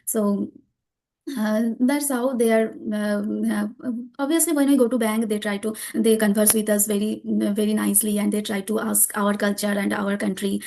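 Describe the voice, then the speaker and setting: Hesitant Indian-accented woman, mellow voice. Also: mid-range voice, fairly even intonation, normal speed, creaky. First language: Bengali. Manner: hesitant, frequent fillers and restarts. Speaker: guest learner. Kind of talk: conversational English practice interview.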